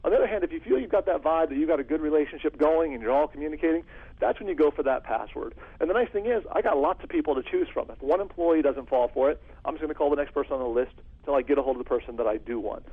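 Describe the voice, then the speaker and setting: A man working as a security consultant, telling stories in an interview in an animated way and acting out phone calls. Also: a little high, rapid-fire, breathy edge. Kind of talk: storytelling interview answer. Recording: phone-like lo-fi audio.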